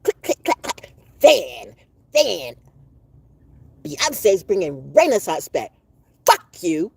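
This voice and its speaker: A woman telling a long story outdoors in a casual vlog monologue, profane and animated, laughing now and then and coughing from allergies. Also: low voice, husky, no room sound. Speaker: vlogger.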